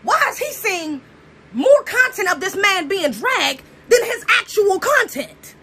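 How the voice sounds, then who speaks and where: A woman's voice: extremely high pitch, sing-song, a little slow, pushed and bright, slight background noise. A young woman from the United States ranting to camera in an emphatic, profane way, firing off rhetorical questions. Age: young adult. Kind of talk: opinion rant to camera.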